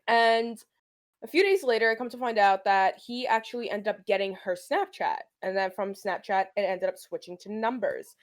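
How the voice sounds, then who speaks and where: A young woman, co-hosting a podcast and telling a story in casual chat, swearing freely and acting out what people said. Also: medium pitch. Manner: animated, profane, acts out quoted dialogue. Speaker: podcast co-host.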